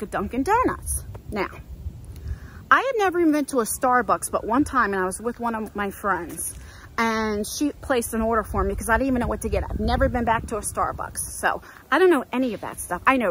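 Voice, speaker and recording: A middle-aged woman with a New Jersey accent, telling a story in a chatty, animated way while walking outdoors with her phone. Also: a little high, slight background noise, poor audio. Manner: chatty, animated storytelling, acts out quoted voices. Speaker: vlogger. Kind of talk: walk-and-talk storytime.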